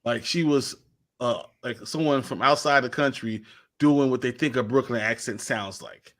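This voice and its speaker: A man's voice: mid-range voice, moderate pace, a bit bright. Chatty, laughing man co-host. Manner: laughs often, rambling, with repeated starts. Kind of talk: casual live chat.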